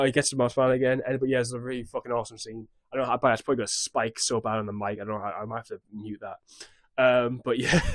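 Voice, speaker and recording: A man's voice: medium pitch, dry recording. A young man casually recapping a show on his vlog in a scattered, rambling way, swearing freely. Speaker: YouTube recap host.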